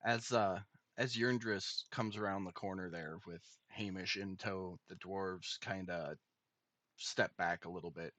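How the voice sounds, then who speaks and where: A man narrating a tabletop game as game master, relaxed and descriptive with filler pauses. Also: sits low, no echo.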